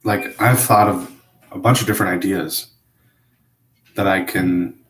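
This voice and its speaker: Halting deep-voiced man in an echoey room. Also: fairly even intonation, a bit bright. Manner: hesitant, halting, self-critical, many fillers and restarts. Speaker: vlogger. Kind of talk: confessional monologue.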